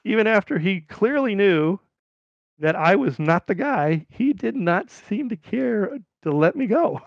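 Gravelly middle-aged man telling a rambling story. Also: high voice, unhurried, dry recording, lo-fi sound. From California. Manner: rambling, animated when quoting people. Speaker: podcast guest. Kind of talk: casual storytelling.

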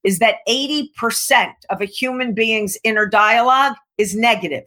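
A middle-aged woman coach explains her ideas on a podcast with real punch. Her voice is bright and forceful and a touch high, and she slips into acted-out voices to make her points. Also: moderate pace. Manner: animated, emphatic, acts out voices. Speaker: guest coach. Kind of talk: podcast interview, coaching talk.

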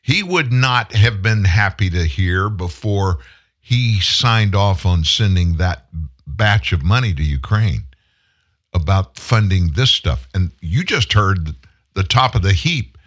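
A man's voice: deep voice, animated, slow pace, fairly bright tone. A male host giving political commentary, indignant and full of rhetorical questions.

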